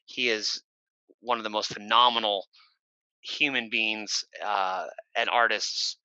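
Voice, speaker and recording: This Oregon man speaks slowly and clearly in a resonant voice with fairly even intonation. The audio is poor, with no room sound. Guesting on a podcast, he rambles through stories with many fillers and restarts, breaking out in shrill shouted impressions.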